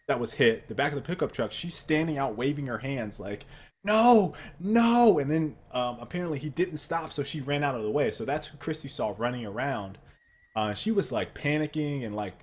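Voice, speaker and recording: Animated storytelling man, swearing. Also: medium pitch. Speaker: co-host. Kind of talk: casual chat.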